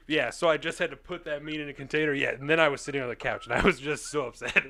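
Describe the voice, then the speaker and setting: A young adult man co-hosting a podcast, telling animated stories in casual chat and laughing often. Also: on the high side, quick pace, hardly any pauses. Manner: animated storytelling, laughs often, swears freely. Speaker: podcast co-host.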